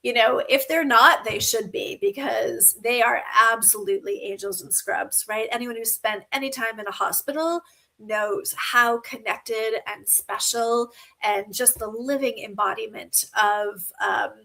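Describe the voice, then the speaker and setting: A woman hosting a live stream, reading viewer comments and giving gentle spiritual guidance with frequent ums and "right?". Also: a little high, measured pace, vocal fry. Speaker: host.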